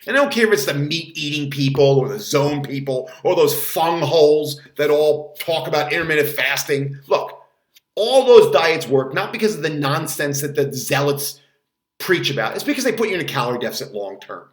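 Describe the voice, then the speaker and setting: A man's voice: on the high side, moderate pace. A man who works as a fitness trainer, giving blunt, casual advice. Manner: blunt, animated, acts out quotes in loud voices. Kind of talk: casual talking-head advice. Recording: echoey room.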